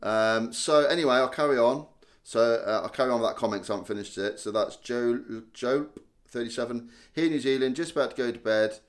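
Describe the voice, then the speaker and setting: A man's voice: medium pitch, brisk. A young man hosting a casual live stream, chatting and joking as he reads out viewer comments. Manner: chatty, self-mocking, reads viewer names aloud.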